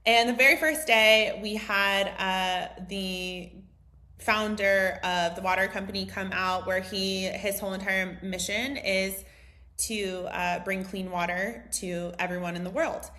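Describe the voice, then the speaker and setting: A woman's voice: mid-range voice, unhurried. A woman in her thirties from the United States, a mindset coach telling a personal story in a casual, chatty way, full of "like" and "um". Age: 30s. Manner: chatty, heavy use of "like" and "um", animated retelling. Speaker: mindset coach hosting a group session.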